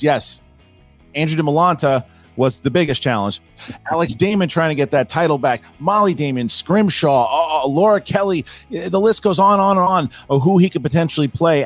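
Energetic man wrapping up with music behind. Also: a little high. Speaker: commentator. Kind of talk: wrap-up commentary.

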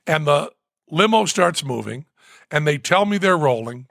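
Gravelly animated man telling stories. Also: on the high side, moderate pace, dry recording, studio quality. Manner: animated storyteller who bursts into loud whoops. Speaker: podcast co-host. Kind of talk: storytelling in casual chat.

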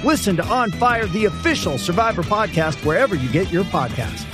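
Brief: male ad announcer, animated pitch, lively pitch, guitar music clearly under the voice. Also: brisk. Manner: lively, promotional. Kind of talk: scripted podcast ad.

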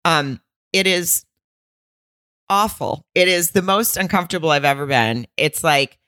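A woman co-hosting a podcast, recapping a TV series in animated, casual chat full of laughs and quick asides. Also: on the low side, dry recording. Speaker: podcast co-host.

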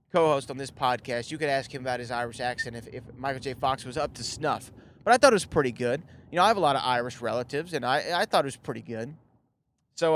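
A podcast host talks through a film scene by scene in a loose, rambling way. His voice sits at an ordinary middle pitch for a man. He leans on "you know" and chuckles now and then at his own asides. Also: clear, resonant tone. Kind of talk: casual movie recap.

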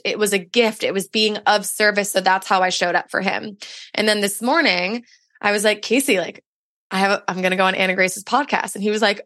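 A woman's voice: medium pitch, steady tone, brisk, a bit bright, no room sound, studio quality. A young adult woman, a podcast guest, telling a personal story in casual chat and saying "like" often. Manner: chatty storytelling, heavy use of "like".

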